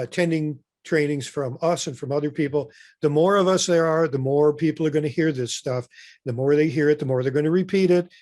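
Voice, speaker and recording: A man leading a webinar in a relaxed, conversational way, stopping often for fillers and self-corrections. His voice sits a little high for a man. It comes through close and dry, with no room sound. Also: dry recording. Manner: loose and conversational, with many fillers and restarts. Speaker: webinar presenter. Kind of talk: informal webinar presentation.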